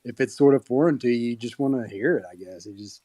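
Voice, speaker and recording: A man's voice: medium pitch, fast talker, dark tone, dry recording. Easygoing man with a Texas drawl. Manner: easygoing, swearing, rambling. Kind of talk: casual chat.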